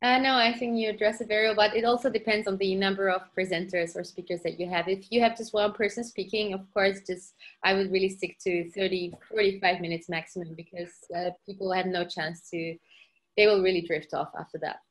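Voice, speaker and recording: A woman's voice: mid-range voice, steady tone, brisk. A woman co-hosting a webinar, explaining things in a friendly way with some hesitations. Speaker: webinar co-host. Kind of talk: casual webinar Q&A.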